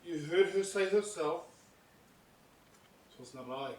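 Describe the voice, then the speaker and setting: An actor playing a jealous, tormented husband in amateur stage acting, brooding murmurs breaking into shouts. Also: male voice, a little high, slow pace. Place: outdoor stage, roomy. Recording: roomy echo from far off.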